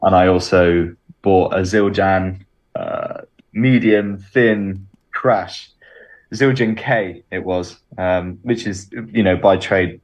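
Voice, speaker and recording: A band's drummer from Bristol, England, answers radio interview questions as a guest, with many ums and restarts. His voice is low and slow.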